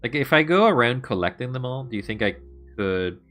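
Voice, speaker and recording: Bright-voiced chatty male streamer. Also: mid-range voice, expressive, a little fast, soft background music. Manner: chatty, laughing, rambling asides to chat. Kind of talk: casual game stream chat.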